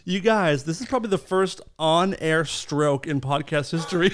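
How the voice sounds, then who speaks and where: A man hosting a casual podcast chat, teasing his co-host with loud, mocking bursts. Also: on the high side, moderate pace, few pauses.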